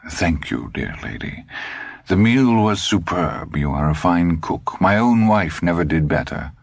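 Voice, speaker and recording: A man reading an audiobook, voicing an elderly German man who speaks in a formal, measured, gently solemn way. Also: low voice, animated, no echo, exaggerated voice. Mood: courtly grave. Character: elderly German man, courtly, guarded, grave.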